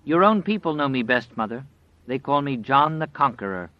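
A man voicing a menacing, grinning male wolf demon that taunts in a drawn-out, sneering way, in an audiobook. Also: mid-range voice, big pitch swings, no echo, pitched above the performer's own voice, close to an everyday voice. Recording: dry, slightly dull audio.

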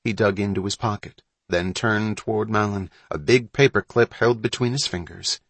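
A man with a fairly low voice reads a children's adventure story in steady, measured narration. The recording is close and dry, with no room sound. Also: vocal fry, no room sound. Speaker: audiobook narrator. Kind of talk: scripted narration.

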